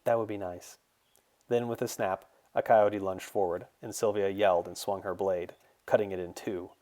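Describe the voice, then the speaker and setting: A man, the author, reading his fantasy novel in a steady, measured storytelling voice. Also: low voice. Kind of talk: audiobook narration.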